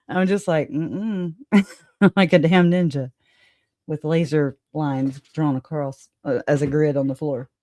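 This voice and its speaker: A woman's voice: low voice, slow pace, warm tone, no echo. A woman hosting a livestream in casual chat, rambling, laughing often and swearing casually. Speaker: livestream host.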